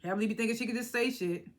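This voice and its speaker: A young woman vlogging a casual reality TV recap, animated and slangy, laughing as she acts out what the cast said. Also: on the high side, fast talker. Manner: animated, laughing, slangy retelling with acted-out quotes. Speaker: reality TV reviewer.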